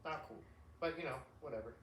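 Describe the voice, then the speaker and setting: Emphatic, bright-voiced man in casual chat. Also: fairly high pitch, fast talker. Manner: emphatic and slangy, rambling. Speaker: podcast host. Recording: echoey room, distant mic.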